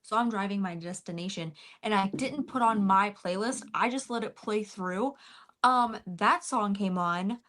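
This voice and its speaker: A woman's voice: mid-range voice, a little slow, fairly bright tone. A woman co-hosting a casual podcast chat, telling a story with many fillers and restarts. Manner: chatty, filler-heavy, many "anywho" and "um". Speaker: podcast co-host.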